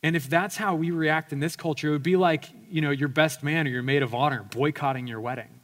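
Male pastor, sermon delivery; earnest storyteller, light self-deprecating humor, voice a touch high. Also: steady tone, fairly quick, a bit bright.

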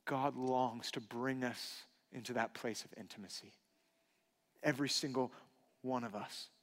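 A man in his thirties preaches in a voice of middle pitch, with a long hall reverb around it. He tells personal stories earnestly and drops to a hushed, quiet tone when he makes a point. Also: fairly even intonation, unhurried. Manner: earnest storytelling, dropping to a hushed low voice for emphasis. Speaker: pastor. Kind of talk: sermon.

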